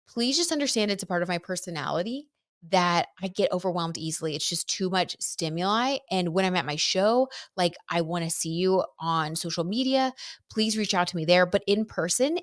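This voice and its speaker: A woman's voice: on the low side, no room sound, clean studio sound, natural voice. A woman voicing an overwhelmed young woman pop singer pleading earnestly and apologetically with her fans.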